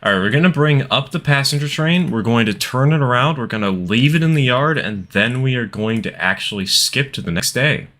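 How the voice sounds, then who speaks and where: A man's voice: medium pitch, expressive, fairly quick, few pauses, bright, forceful tone. A man chatting casually as he streams a train game, rambling through asides and laughing often. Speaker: gaming streamer. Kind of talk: casual gameplay commentary.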